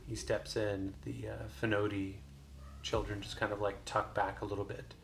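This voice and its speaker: A man's voice: on the low side, level tone, moderate pace, creaky, background noise. A man narrating a solo tabletop game as game master, casual and loose with frequent fillers. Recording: voice over loud background music. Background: music.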